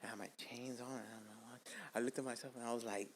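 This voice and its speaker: A man from Miami telling a casual, profane story as podcast host, jumping from loud bursts to hushed asides. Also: mid-range voice, fairly even intonation, fast, big-room sound.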